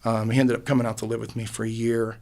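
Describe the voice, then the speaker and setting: Gravelly-voiced musician telling his story. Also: medium pitch, little pitch movement, quick pace, darkish tone. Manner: earnest, rambling storyteller with many restarts and fillers. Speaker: musician guest. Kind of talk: casual interview. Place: podcast booth.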